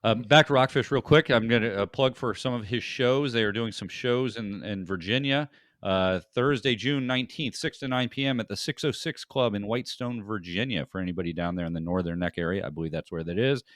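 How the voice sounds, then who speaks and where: A man's voice: fairly low pitch, a little fast, fairly bright tone, no room sound, clean studio sound. A middle-aged man hosting a podcast, chatting casually with lots of fillers and restarts. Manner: rambling, many fillers and restarts. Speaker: podcast host. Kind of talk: casual chat.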